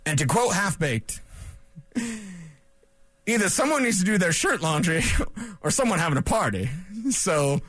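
Man, sports talk radio host, wisecracking, rambling, lively swooping pitch, dry close studio mic. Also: a little slow, long pauses, no echo. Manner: animated, wisecracking, rambling asides.

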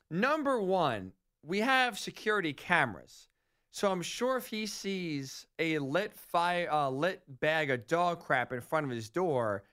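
A man hosting a sports talk radio show, rambling and animated, often correcting himself mid-sentence. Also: fairly high pitch, clear, resonant tone.

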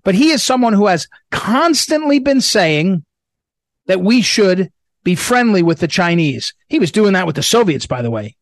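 Picture a talk-show host, a middle-aged man with a fairly high voice. He speaks emphatically and hammers points home by repeating them. His voice is recorded dry and close, with no room sound. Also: sing-song, moderate pace, dry recording. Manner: emphatic, repetitive, drops low when reading promos. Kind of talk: political talk commentary.

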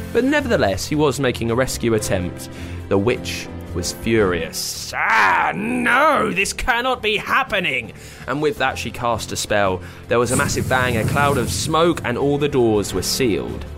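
Playful, animated man telling a story. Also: mid-range voice, moderate pace, music in the background. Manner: playful, expressive. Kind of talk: children's story narration.

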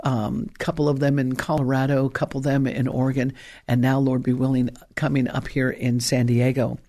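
A woman's voice: a bass voice, flat delivery, moderate pace. Emphatic older woman evangelist preaching. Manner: emphatic, rhetorical questions, rises to loud peaks. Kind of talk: sermon.

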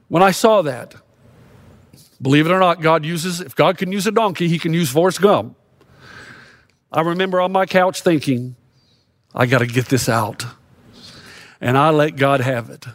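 High-voiced pastor preaching in a dry room. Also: male voice, moderate pace, long pauses, no room sound. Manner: storytelling, acts out quotes with rising intensity. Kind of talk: sermon.

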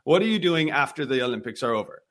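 A man in his thirties, a guest on an interview, telling a story with lively acted-out dialogue. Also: mid-range voice, fast talker. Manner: animated storyteller acting out quoted dialogue. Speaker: guest, missionary musician.

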